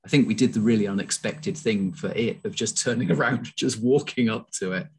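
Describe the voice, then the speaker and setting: A man's voice: on the low side, brisk, creaky, husky. A man being interviewed as a guest, telling a story with quoted dialogue over a video call. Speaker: guest naturalist and tour leader.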